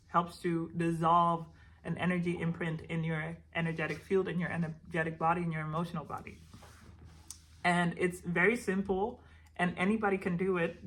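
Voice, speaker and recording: A young woman hosting a self-help video, explaining a process in a relaxed, gentle way with frequent fillers and restarts. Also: lowish voice. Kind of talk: casual instructional talk.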